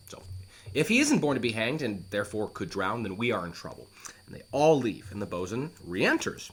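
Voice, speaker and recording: Man casually explaining a play, lively. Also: mid-range voice, fairly quick. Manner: conversational, explains line by line.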